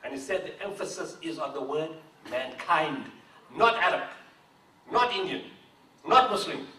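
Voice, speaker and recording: Earnest man, slightly high voice, speech heard from afar in a roomy hall. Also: lively intonation, a little slow, sharp tone. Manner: earnest, rising to emphatic declarations. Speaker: founder of the charity, speaking at a book launch. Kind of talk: public speech. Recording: echoey hall from a distance, faint noise.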